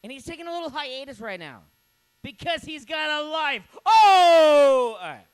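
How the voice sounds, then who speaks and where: A man's voice: very high voice, big pitch swings, a little fast. A man hosting a comedy open mic, tipsy and rowdy, joking and hyping up the crowd between acts. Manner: rowdy, joking, hypes up the crowd, shouts bits. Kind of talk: emceeing a comedy night.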